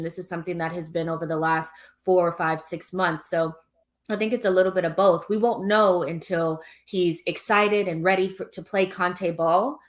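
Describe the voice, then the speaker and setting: A woman co-hosting a football live stream, talking at length in a casual way. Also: on the low side. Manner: talkative, explains at length with "like".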